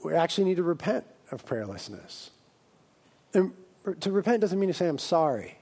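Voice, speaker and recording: Animated pastor preaching. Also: male voice, sits high, normal speed. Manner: animated, acts out comic voices of his congregation. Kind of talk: sermon.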